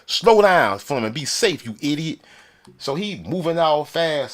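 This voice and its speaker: A man delivering a loud, profane, mocking comedic rant on a desk mic with a soundboard. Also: on the high side, very animated, normal speed. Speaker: comedic commentator.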